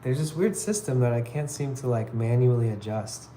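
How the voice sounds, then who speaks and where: A relaxed man livestreams from his phone while he works, talking loosely and circling back on himself with plenty of "like" and "kinda crazy." His voice sits at an ordinary middle pitch, with a soft hum of background noise underneath. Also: normal speed. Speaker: livestreaming artist. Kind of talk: casual live-stream chat while working.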